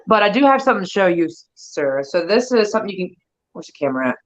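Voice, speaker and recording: A woman's voice: medium pitch, very animated, fast, dull audio. A woman, a guest, chatting and explaining things simply over a video call. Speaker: guest, crystal seller. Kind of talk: casual chat.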